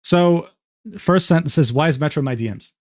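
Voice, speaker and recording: A man's voice: on the high side, a little fast, no room sound, studio quality. A man streaming and reading private messages aloud, talking casually, swearing freely and laughing often.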